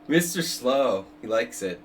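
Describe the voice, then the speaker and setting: A man's voice: mid-range voice, a little hiss or hum. Joking, rambling older male chess streamer. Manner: joking, rambling, with many restarts and asides. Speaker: chess streamer hosting a simul. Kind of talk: casual livestream chat.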